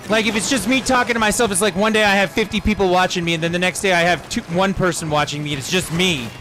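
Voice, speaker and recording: A young man talks to his stream in loose, rambling sentences full of "like" and "you know." His voice sits high and sounds bright and forceful. Faint game music plays underneath. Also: fairly even intonation, fast. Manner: rambling, conversational, lots of fillers. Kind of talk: casual chat while gaming.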